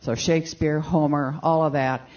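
A man's voice: on the high side, fairly even intonation, normal speed, darkish tone. A man in the audience asking a long, earnest question, explaining at length. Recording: dull lo-fi recording.

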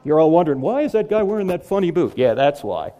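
A man's voice: on the high side, sing-song, fast, dark tone, a faint crowd. A middle-aged man giving a humorous lecture on apologetics to a live audience, delivering jokes and punchlines. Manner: joking, punchline-driven delivery. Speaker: Christian apologetics speaker.

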